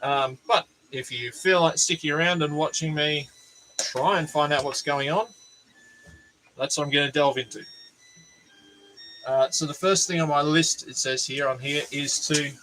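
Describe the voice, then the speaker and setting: A man's voice: on the high side, fairly even intonation, moderate pace, pushed and bright, faint music behind, poor audio. An Australian man chatting casually as a vlog host, rambling and joking at his own expense. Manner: joking, self-deprecating, rambling asides. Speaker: channel host.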